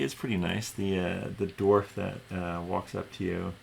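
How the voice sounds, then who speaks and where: A man narrating as game master in a tabletop game, relaxed and hesitant, with plenty of fillers. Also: deep voice, normal speed, creaky, a little hiss or hum.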